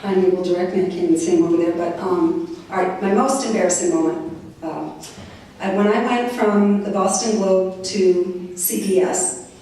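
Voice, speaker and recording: Woman in her sixties, animated storyteller, booming echo, heard from afar. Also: normal speed, slight background noise. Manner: lively anecdotal, acting out quotes. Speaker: guest speaker. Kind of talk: storytelling speech to students. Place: large echoey high school hall. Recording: echoey hall, distant mic.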